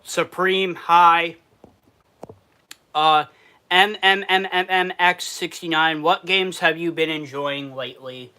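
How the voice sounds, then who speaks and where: A man's voice: on the high side, fairly even intonation, slow pace, pushed and bright, clean tone. A man from Western New York with a New York accent, hosting a casual food review livestream, reading viewer comments aloud and answering them, sad underneath.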